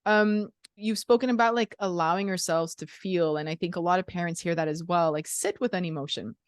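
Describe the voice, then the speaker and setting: A woman's voice: fairly low pitch, fairly even intonation, a little fast, clear, resonant tone, no room sound. A woman hosting a podcast, chatting earnestly and reflectively with a guest. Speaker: podcast host. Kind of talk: casual interview chat.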